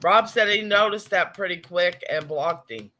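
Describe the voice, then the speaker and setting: A man's voice: high voice, normal speed, pushed and bright. A man hosting a casual live stream, chatting and reading viewers' comments aloud.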